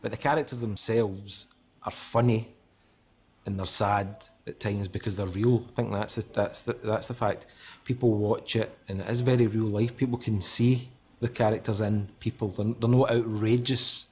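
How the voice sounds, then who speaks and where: A man's voice: fairly low pitch, fairly even intonation, normal speed, darkish tone, husky. A man, interviewed about the characters he plays, speaking thoughtfully with small restarts. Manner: thoughtful, repeats himself while finding words. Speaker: actor interviewed about the show. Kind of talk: documentary interview.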